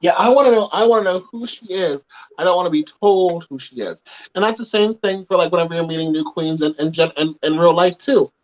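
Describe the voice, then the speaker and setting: A man's voice: high voice, a little fast, highs cut off. A man hosting a casual group chat, talking in an emphatic, opinionated way. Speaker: podcast host.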